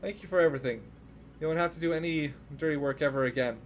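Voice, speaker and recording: A man voicing a young male hacker in a video game, calmly reading resigned, apologetic lines. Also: fairly high pitch, fast talker, slight background noise, lightly acted.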